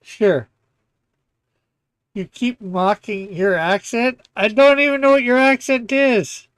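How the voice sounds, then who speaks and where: A man with a notably high voice hosts a relaxed live stream, laughing often and reading out viewer comments. He speaks slowly and unhurriedly. The sound is dry and close, with no room around it. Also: clean tone, no echo. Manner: laughs often, reads chat messages aloud. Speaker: comic artist and stream host. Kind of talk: casual live-stream chat.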